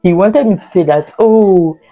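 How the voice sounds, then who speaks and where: Low-pitched chatty woman from Ghana. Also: normal speed, dark tone, no echo, soft background music. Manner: chatty, laughs often, acts out airport dialogue in a raised voice. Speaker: vlogger. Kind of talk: casual travel advice vlog.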